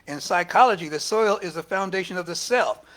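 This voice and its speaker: High-voiced man preaching a lively sermon. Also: brisk. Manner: lively, talks back and forth with the congregation. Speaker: minister. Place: church service.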